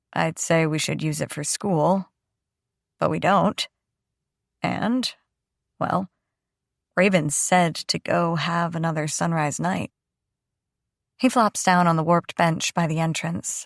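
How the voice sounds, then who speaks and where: A woman reads a first-person audiobook, measured and unhurried. Her voice is low, slow and gravelly, with a dry, close sound. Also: no room sound. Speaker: audiobook narrator.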